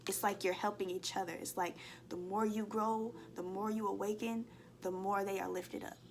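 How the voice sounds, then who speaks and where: A faint hiss or hum sits beneath soft music while a woman with a mid-range voice, speaking at a moderate pace, does a collective tarot-style reading for viewers. Emotional and earnest, she acts out inner voices and keeps pausing to ask "okay?".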